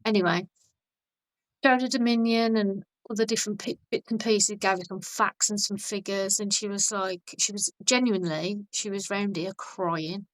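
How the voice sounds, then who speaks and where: A woman guest on a podcast, chatting casually and telling stories in a blunt, animated way with frequent restarts. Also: mid-range voice, normal speed, no room sound, low-quality recording. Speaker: podcast guest, vegan activist.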